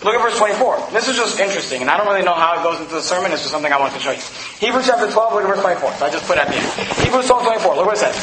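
A man's voice: high voice, lively intonation, rapid-fire, echoey room, crowd noise, poor audio. A man preaching a sermon, emphatic and repetitive, pointing his listeners to Bible verses. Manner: emphatic, repeats phrases, directs listeners to verses. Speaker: pastor.

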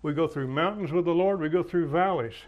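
A man's voice: on the high side, fairly quick, lo-fi sound. A man preaching a sermon, telling folksy stories and swinging his volume for drama. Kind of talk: sermon with anecdotes.

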